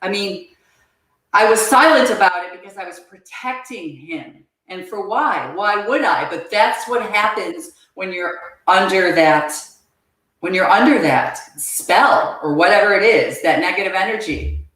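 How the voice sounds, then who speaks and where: A woman guest on a podcast, telling her personal story in an earnest, halting way and repeating words as she goes. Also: mid-range voice, lively intonation, fairly bright tone. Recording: very echoey room.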